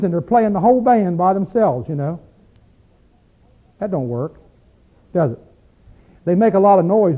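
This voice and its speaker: Male preacher, high-pitched and folksy, asks the room rhetorical questions. Thin phone-like recording. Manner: rises into loud, drawn-out chanting when acting out crowds in the text. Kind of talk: conversational sermon with scripture reading.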